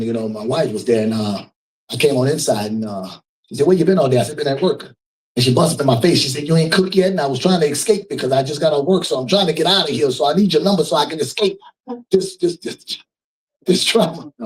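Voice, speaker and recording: A man's voice: mid-range voice, far from the mic, rough recording. A man hosting a live fundraiser event, joking and riffing with the crowd in a loose, preacher-like way. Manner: loose, preacher-like riffing with call-outs to the audience. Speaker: event host.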